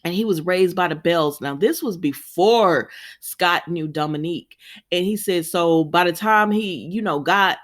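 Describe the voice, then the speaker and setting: A woman casually chatting to her viewers as she recaps a soap opera, animated and often laughing. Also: on the low side, measured pace. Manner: frequent laughter and sighs. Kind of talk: casual chat.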